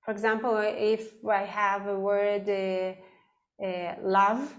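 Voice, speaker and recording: A woman teaching vocal technique in an online class, explaining slowly and singing sample words. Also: medium pitch, level tone, highs cut off. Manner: slow, demonstrative, sings sample words.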